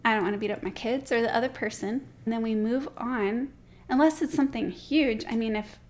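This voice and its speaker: An earnest woman gives plain advice in a casual vlog. Her tone stays gentle and sincere. Her voice sits somewhat high for a woman. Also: a little fast. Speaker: Christian marriage blogger.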